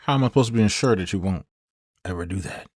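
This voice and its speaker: A man casually commenting on a friend's story with quick, wry reactions. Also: on the low side, dry recording, clean studio sound.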